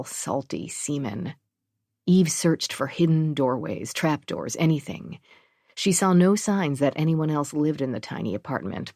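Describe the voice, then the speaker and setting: Low-voiced woman audiobook narrator. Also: dark tone, dry recording, clean studio sound.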